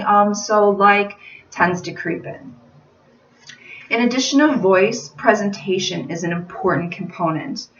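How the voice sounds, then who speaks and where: A woman's voice: medium pitch, fairly bright tone. Teacher woman recorded from across a room. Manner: clear, deliberate, instructive. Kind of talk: classroom instruction to students. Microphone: phone camera at a distance. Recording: roomy, distant, dull phone-camera audio.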